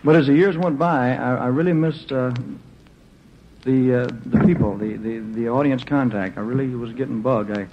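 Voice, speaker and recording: A man's voice: medium pitch, moderate pace, noisy background. Laid-back joking man on a concert stage. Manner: laid-back and joking, with many fillers and restarts. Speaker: stage performer addressing a concert audience. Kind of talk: rambling onstage storytelling. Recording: muffled old live concert recording.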